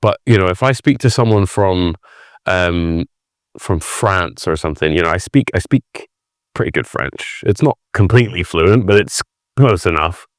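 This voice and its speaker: Low-voiced Scottish man chatting. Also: normal speed, dry recording, clean studio sound. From Scotland. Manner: animated storytelling with many restarts. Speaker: podcast guest. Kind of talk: casual conversation.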